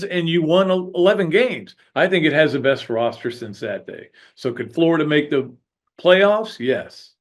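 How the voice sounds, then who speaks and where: Chatty man hosting a sports podcast. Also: on the high side. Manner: chatty and rambling, with frequent restarts. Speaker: podcast host. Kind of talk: casual sports talk monologue.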